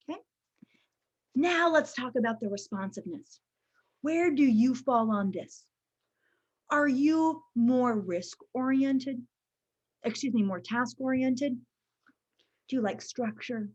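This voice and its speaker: A high-pitched woman presents a workshop, chatty and expressive, with a frequent "okay?" to check that listeners follow along. The audio is a little dull and lo-fi. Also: slow pace, long pauses, breathy edge. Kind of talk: online training presentation.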